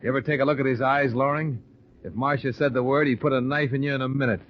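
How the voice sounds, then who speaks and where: A man's voice: mid-range voice, fairly even intonation, fast talker. A man playing a hard-boiled detective who also narrates, wry and clipped, in 1940s radio acting. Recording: dull noisy old radio recording.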